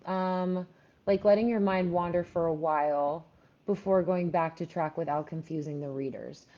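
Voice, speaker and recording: A fairly low-pitched woman talks at a normal speed while coaching writers on a live stream. She's from Philadelphia, answers viewers chattily with plenty of fillers, and the recording is dull and lo-fi.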